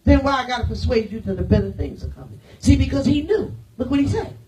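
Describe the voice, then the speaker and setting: A woman pastor delivers an emphatic sermon in a high voice, throwing rhetorical questions to her congregation. She swings between loud declarations and hushed, almost whispered lines. Her voice is picked up from some distance in the church. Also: lively intonation, fast.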